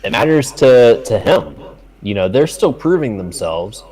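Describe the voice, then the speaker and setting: At a measured pace and on the low side, a young co-host talks sports betting in a casual podcast, his animated stories laced with profanity. The recording is rough.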